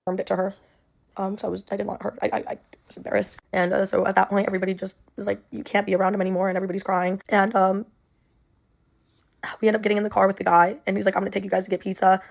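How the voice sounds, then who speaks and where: A woman's voice: medium pitch, level tone, very fast, creaky. A young woman telling a personal story in a rambling way, full of "like" and "um". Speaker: storyteller in a clip.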